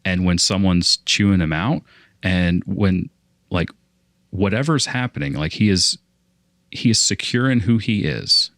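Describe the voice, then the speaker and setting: A man's voice: sits low, unhurried, fairly bright tone, no room sound, clean studio sound. A young man on a casual podcast, telling a long story in a rambling way and often restarting his sentences. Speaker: podcast co-host.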